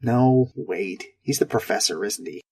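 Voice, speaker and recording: A woman's voice: extremely low pitch, a little slow, darkish tone, breathy edge, dry recording, full character voice. A man voicing a shaken, giggly woman astronaut with nervous humor, in an audiobook reading. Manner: nervous giggling, bitter jokes.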